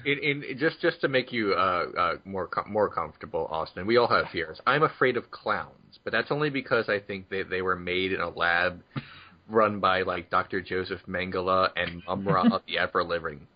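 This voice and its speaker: A man's voice: sits low, normal speed, highs cut off. A man on a podcast in casual chat, stumbling over his words and making jokes full of nerdy references.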